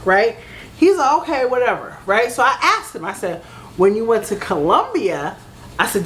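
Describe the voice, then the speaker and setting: Lively storytelling woman, faint room noise. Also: mid-range voice. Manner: animated, swears freely, keeps saying "baby" and "right?", acts out both sides of a fight. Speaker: storytime vlogger. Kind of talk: casual storytime monologue.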